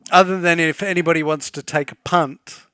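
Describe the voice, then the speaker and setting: A man running a tabletop game as game master, who asks players for checks in a measured, gently probing way. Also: on the high side, steady tone, clear, resonant tone, no room sound.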